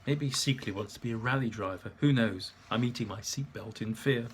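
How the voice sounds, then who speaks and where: A man's voice: mid-range voice, a little fast, slight background noise. A man narrating his memoir in a dry, wry manner.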